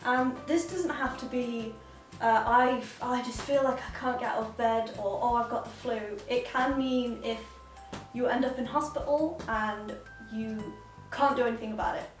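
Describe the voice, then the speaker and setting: A woman's voice: on the high side, normal speed. A woman vlogging casual advice as a cat sitter, chatty and giggly, talking at home with a cat on her lap. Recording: roomy, slightly distant, faint music.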